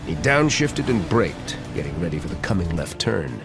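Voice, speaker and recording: A man's voice: sits low, very animated, normal speed, over music. A man narrating a thriller audiobook with dramatic reading.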